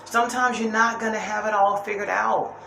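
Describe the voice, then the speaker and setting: A woman's voice: medium pitch, fairly even intonation, a little fast, vocal fry, pushed and bright. Young woman talking about god at home, rambly and earnest, echoey room, bit of hiss. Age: young adult. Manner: rambling, earnest, repeats phrases, laughs. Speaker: faith vlogger. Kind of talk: casual faith talk. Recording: roomy with faint ambience.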